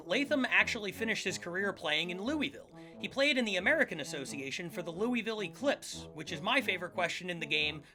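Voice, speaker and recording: High, bright sarcastic male host. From Philadelphia area. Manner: sarcastic, jokey asides. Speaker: podcast host. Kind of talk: scripted comedic history narration.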